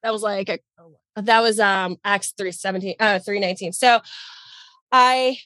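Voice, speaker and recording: A woman guest telling a personal story in a chatty, animated way, swearing freely. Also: mid-range voice, normal speed, no room sound. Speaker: podcast guest. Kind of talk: casual storytelling.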